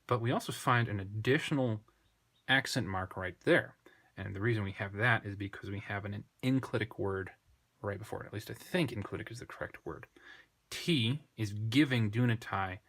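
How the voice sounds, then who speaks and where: A man teaching a language lesson, working slowly through a text, thinking aloud and correcting himself as he goes. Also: fairly low pitch, bright, forceful tone. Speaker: Greek tutor. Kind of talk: unscripted screen lesson.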